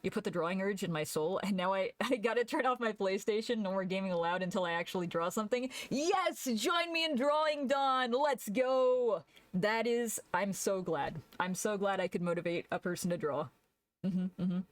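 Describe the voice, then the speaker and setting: A woman's voice: mid-range voice, fairly quick, no room sound. A young woman streamer chatting casually while she draws, laughing often and answering her chat aloud.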